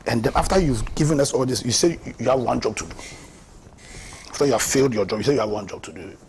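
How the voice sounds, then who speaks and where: A man's voice: medium pitch, quick pace, a little mellow, slight background noise. A man with a Ghanaian accent giving impassioned, mocking political commentary on a talk show, often repeating words for emphasis. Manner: impassioned, mocking, repeats words and laughs at his own jabs.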